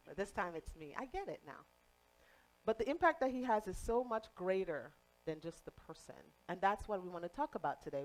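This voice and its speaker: A woman's voice: on the low side, poor audio. A woman in her late thirties from Jamaica with a faint Jamaican accent, giving a conversational spiritual talk to a congregation. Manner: warm, conversational, playful asides. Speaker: guest speaker at a spiritual center.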